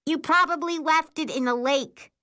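A woman voicing a bossy girl camper who scolds with a loud sigh. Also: high voice, moderate pace, pitched above the performer's own voice. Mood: exasperated. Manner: sighing, scolding.

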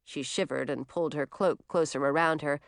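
A woman narrating a children's storybook aloud in a lively, expressive way. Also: deep voice, fairly quick, creaky, no echo, studio quality.

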